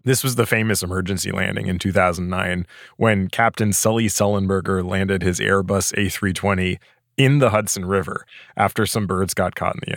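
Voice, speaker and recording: A man's voice: sits low, gravelly, a bit bright, dry recording, studio quality. A man hosting a podcast, talking in a reflective, casual way and laughing easily. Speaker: podcast host.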